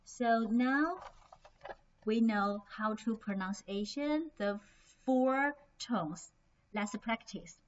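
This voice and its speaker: Woman teacher, slow careful lesson delivery, lo-fi sound. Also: on the high side, a little hiss or hum. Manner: slow, careful, demonstrating tones. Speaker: Chinese language teacher. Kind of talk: online language lesson. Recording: slightly dull lo-fi recording.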